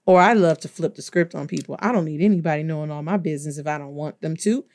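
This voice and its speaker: A woman from the United States, a teacher giving an animated language lesson, playful and slowly spelling words out letter by letter. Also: deep voice. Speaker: Spanish teacher.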